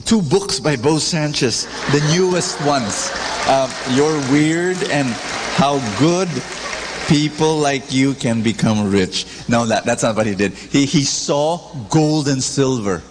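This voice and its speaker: A preacher giving a lively sermon, acting out stories and calling for audience responses. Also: male voice, slow. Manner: animated storytelling, acts out characters with big pitch swings. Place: large church. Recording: reverberant church hall, faint background noise.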